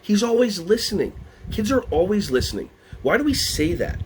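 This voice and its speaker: A man from the United States leading a lively workshop for early childhood educators, playful and energetic. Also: high-pitched, normal speed, slight background noise. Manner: animated, playful, breaks into songs and silly voices.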